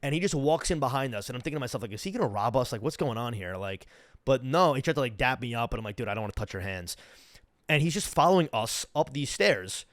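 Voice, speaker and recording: Young male podcast host, animated profane storyteller, dry close sound. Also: medium pitch, fast, no echo. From United States. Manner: animated, profane, acts out quoted people. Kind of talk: casual storytelling monologue.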